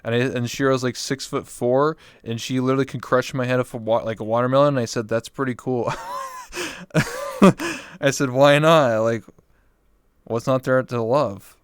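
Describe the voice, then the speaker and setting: Smooth-voiced young man hosting a stream chat. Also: medium pitch, big pitch swings, normal speed, no room sound, studio quality. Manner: loose, swearing often, jokey. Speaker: interview show host. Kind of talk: casual late-night stream chat.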